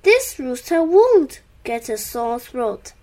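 Woman putting on a grumpy farmer guy, storybook, loud and cranky, kinda high. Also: sing-song, slow, heavily acted. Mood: kindly. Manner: loud, exasperated outbursts. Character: stern grown man farmer, impatient. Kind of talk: storybook read-aloud.

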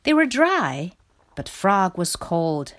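A woman reading a children's picture book aloud in a slow, clear and expressive way. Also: lowish voice. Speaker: storybook reader.

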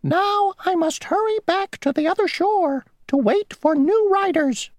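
Squeaky little mosquito guy ferrying folks, bossy about rules and braggy, slow and stretched out, very high, a lady doing him. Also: a little mellow, dry recording, clean studio sound. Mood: boastful. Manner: squeaky, stern, drawn-out pronouncements. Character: tiny fussy male mosquito ferryman, rule-bound, boastful. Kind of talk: storybook reading.

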